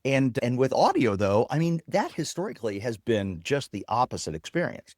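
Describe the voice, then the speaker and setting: A man, a technology guest, explaining and demonstrating software with enthusiasm in a casual interview. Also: mid-range voice, sing-song, moderate pace, no echo, clean studio sound. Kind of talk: casual interview with screen demo.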